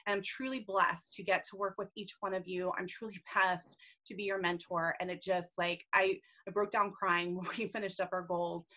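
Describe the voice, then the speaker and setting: A woman's voice: medium pitch, a bit bright, muffled recording. A woman leading a team video call, enthusiastic, casual and gushing as she encourages her group. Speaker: team leader and mentor.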